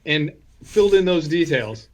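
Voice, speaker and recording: A man's voice: fairly high pitch, expressive, normal speed, slight background noise. A man co-hosting a film podcast, chatting casually and wryly, hedging his opinions and restarting sentences. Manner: hedging, wry, lots of restarts. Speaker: podcast co-host.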